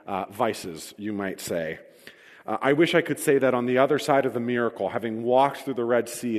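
Male pastor, vivid storytelling sermon, wry humor, mid-pitched voice, long hall echo. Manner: storytelling, self-deprecating humor, reads scripture aloud.

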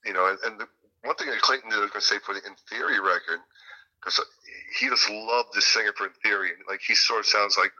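Rambling, sharp-toned male guest. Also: on the low side, fast, muffled recording. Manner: rambling storyteller, many fillers and restarts. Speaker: interview guest, music producer and guitarist. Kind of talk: casual interview chat.

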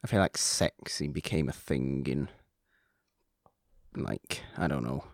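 A man hosting a podcast, chatting casually and rambling with self-mocking humor and sudden excited bursts. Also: very deep voice, slow, no room sound, studio quality. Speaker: podcast host. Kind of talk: casual chat.

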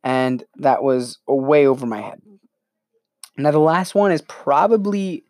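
A man's voice: mid-range voice, fairly even intonation, unhurried, darkish tone, dry recording, studio quality. A young man hosting a casual educational talk, rambling and self-reflective with many fillers. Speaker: channel host.

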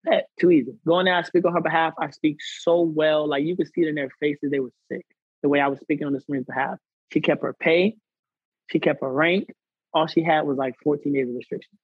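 A man's voice: a little high, fairly quick, no room sound, narrow, tinny audio. A man guest on a podcast telling a personal story in casual slang, acting out what others said. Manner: animated, acts out quoted people; conversational American slang.

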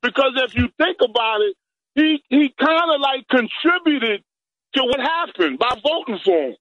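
A man's voice: very high voice, expressive, moderate pace, fairly bright tone, no echo. A male caller on the phone pressing his point persistently, stammering and restarting as he is interrupted. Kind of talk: call-in argument. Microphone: phone line. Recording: dull phone-line audio.

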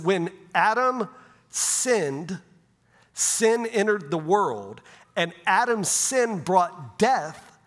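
A middle-aged male pastor with a high-sitting, fairly bright voice delivers a sermon conversationally, often checking in with "right?". The church sanctuary gives the recording a long reverb.

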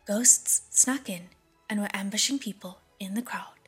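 A breathy-voiced woman voicing a curt young male earth god who speaks flatly and matter-of-factly, in an audiobook. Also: high-pitched, unhurried, faint music behind, full character voice. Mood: deadpan.

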